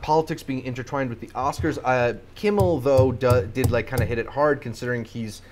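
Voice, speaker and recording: A man's voice: medium pitch, brisk, a little mellow, soft background music. A man hosting a casual podcast, talking through long, run-on points about awards shows. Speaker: podcast host.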